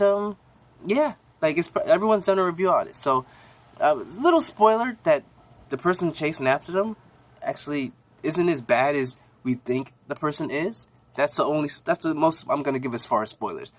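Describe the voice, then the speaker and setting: A man's voice: a bit bright, no echo. Rambling man reviewing a movie, voice leaping up and down. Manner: rambling, many restarts, voice jumps up high when riled. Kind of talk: casual movie review vlog.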